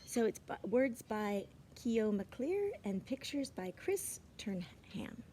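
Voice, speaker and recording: A woman reading a children's storybook aloud outdoors, gentle and expressive, sometimes dropping into whispered asides. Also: fairly high pitch, takes it slowly, a little hiss or hum. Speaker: reader. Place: outdoors in winter. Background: birds chirping.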